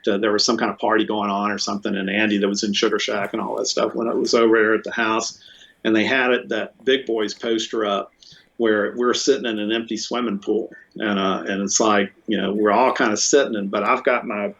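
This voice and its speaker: Man, interview guest, casual rambling storytelling, frequent restarts, slightly low voice, muffled audio. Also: a little fast. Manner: rambling, animated, many restarts and fillers.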